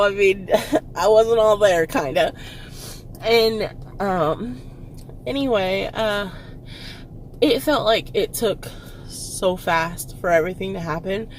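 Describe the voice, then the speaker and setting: A young woman from Texas, a vlogger, telling a personal story with halting fillers and nervous laughs, close to tears. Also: medium pitch, a little hiss or hum. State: tearful, close to crying.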